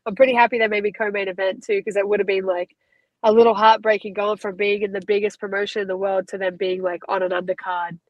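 A woman's voice: medium pitch, little pitch movement, quick pace, no echo, muffled recording. An Australian woman in her thirties, a guest fighter chatting casually in an interview, rambling and upbeat.

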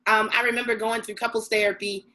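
A woman's voice: on the high side, flat delivery, fast talker, pushed and bright, rough recording. A woman hosting a morning show interview, asking questions conversationally and adding her own relatable asides.

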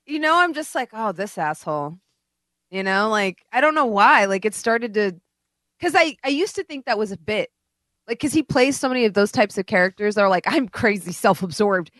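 Brief: woman podcast co-host, slightly high voice, sarcastic casual chat, dry sound. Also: expressive, brisk, fairly bright tone, no echo. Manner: blunt, sarcastic, says "like" often.

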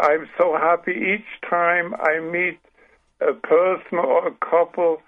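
A man in his seventies with a German accent, a guest author speaking earnestly with many restarts in a radio interview. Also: sits high. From Britain, raised in Paraguay. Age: 70s. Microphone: telephone. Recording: tinny phone line.

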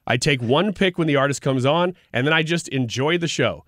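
A man co-hosting a casual chat show, chatty and quick to laugh. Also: fairly high pitch, fairly bright tone, no echo, studio quality. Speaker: podcast co-host.

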